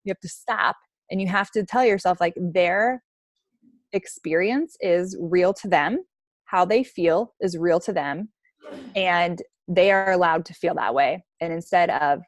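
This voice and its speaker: A woman's voice: lowish voice, a little slow, no room sound. A woman in her thirties coaching her team on a call, talking in a casual, chatty way with lots of "like" and "right?".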